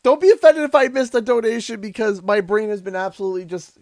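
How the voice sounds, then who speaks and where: A fairly high-pitched man from Canada talks casually to his live-stream chat. He gushes and stammers, repeating words as he goes. The sound is close and dry. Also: steady tone, quick pace, a little mellow, no room sound. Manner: emotional and effusive, stammers and repeats himself.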